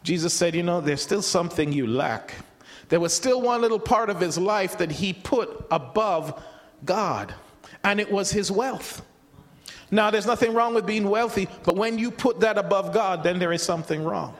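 A man's voice: sits high, normal speed. A man preaching a sermon in a conversational way, often repeating words and restarting as he acts out the voices he quotes. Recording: long hall reverb.

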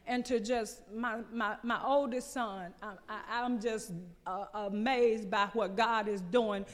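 A woman's voice: fairly high pitch, fairly even intonation. Earnest woman testifying in a reverberant church. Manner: emotional, halting, earnest. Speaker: church member giving testimony.

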